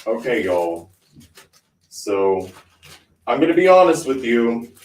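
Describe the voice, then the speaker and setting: A man reading tarot on a casual livestream, talking loudly and swinging from mumbles to shouts, at a party indoors. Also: mid-range voice, big pitch swings, slow pace, long pauses. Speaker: tarot reader hosting a livestream. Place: indoors at a New Year's party. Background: faint party music.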